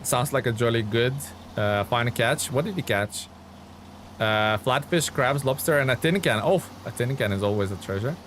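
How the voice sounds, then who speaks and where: A man's voice: mid-range voice, lively intonation, normal speed, fairly bright tone, slight background noise. A young man streaming a driving game, chatting casually and answering viewers' comments as he plays. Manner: chatty, reads chat aloud and answers viewers.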